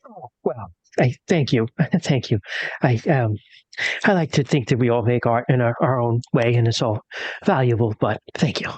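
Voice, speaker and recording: A woman's voice: a bass voice, normal speed, a little mellow, breathy edge, no echo. A woman playing her character in a tabletop game, polite and flustered, stammering through thanks. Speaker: player. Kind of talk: in-character tabletop role-play.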